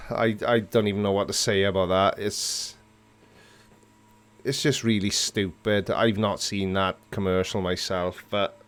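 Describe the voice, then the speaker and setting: Male stream host, lowish voice, unhurried, teasing and chatty with viewers. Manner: playful, reads and answers chat comments, mock disgust. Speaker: livestream host. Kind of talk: casual live chat with viewers.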